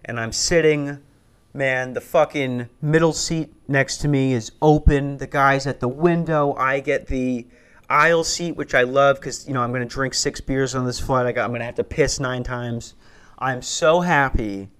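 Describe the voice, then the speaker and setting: A man's voice: mid-range voice, moderate pace, a bit bright, clean tone. A man in his twenties telling a rambling, profane stand-up story that builds into a worked-up rant. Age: 20s. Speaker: stand-up comedian.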